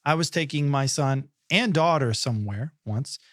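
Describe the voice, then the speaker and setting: A man co-hosting a podcast, telling a lively personal story and acting out the voices in it. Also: mid-range voice, normal speed, no echo, clean studio sound. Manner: animated storyteller, acts out quotes. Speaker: podcast co-host. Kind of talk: casual podcast chat.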